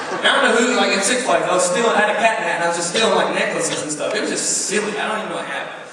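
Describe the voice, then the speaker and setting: A man with a Southern US accent preaching a storytelling sermon to a youth crowd, animated and rising to shouts. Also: sits high, very fast, noisy background. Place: large indoor youth venue. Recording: echoey hall from far off, faint ambience.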